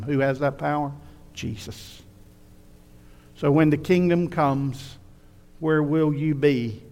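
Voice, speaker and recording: A man delivering a sermon in a slightly high voice. He speaks earnestly, pressing his listeners with rhetorical questions. His words carry a long hall reverb. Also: a little mellow. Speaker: pastor.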